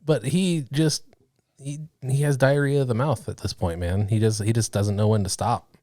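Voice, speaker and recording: A man's voice: mid-range voice, fairly even intonation, normal speed, warm tone, no room sound, clean studio sound. A man co-hosting a casual podcast, laid-back and wry, laughing often. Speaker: podcast co-host. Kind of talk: casual chat.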